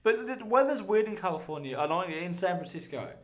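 A man's voice: high-pitched, expressive, fairly quick, roomy sound. Man, podcast host, casual, laid-back, swears often, rambling. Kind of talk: casual chat.

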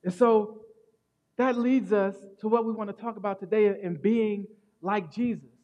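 A male pastor with a high voice preaches a sermon, telling stories animatedly. He swings from loud bursts to hushed moments. The recording sounds a little dull. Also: fairly even intonation, normal speed.

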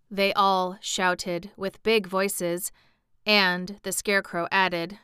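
A woman narrating a storybook in a gentle, measured audiobook reading. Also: mid-range voice, little pitch movement, clear, resonant tone, no echo, studio quality.

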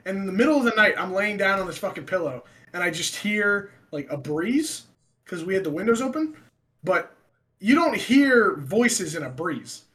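A young man with a high, bright voice tells a story in casual chat with friends. He swears often and laughs along, and he shouts out the lines he quotes. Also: expressive, moderate pace. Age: young adult.

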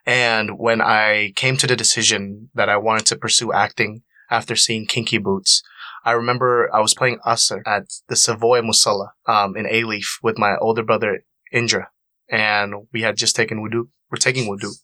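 A young man with a fairly low voice that still sounds bright and forward. He speaks earnestly and with emotion, repeating phrases to drive his point home. The recording is close and dry. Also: flat delivery, normal speed, no room sound. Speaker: actor and panelist. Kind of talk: personal storytelling on a panel.

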